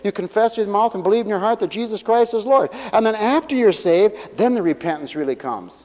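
High voiced pastor man preaching, folksy, hall echo. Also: brisk. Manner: folksy, animated, acts out voices. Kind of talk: sermon. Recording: dull hall recording with long reverb.

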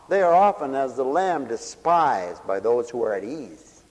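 A man preaching a lively sermon who swings from loud cries to quiet mumbles, acting out scenes and laughing often. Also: medium pitch, measured pace, hardly any pauses, in a large hall. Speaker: pastor.

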